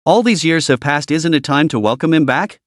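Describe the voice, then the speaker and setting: A man's voice: on the high side, animated, a little fast, no room sound, studio quality, natural voice. A man voicing a scheming, arrogant middle-aged stepmother in an audiobook-style recap, coaxing one moment and icy the next. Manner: coaxing then icy, sly giggling.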